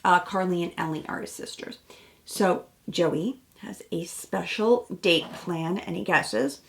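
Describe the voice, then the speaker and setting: A woman's voice: fairly low pitch, a little slow, vocal fry. A woman therapist giving chatty, reflective commentary on a reality TV episode and acting out quotes from the show.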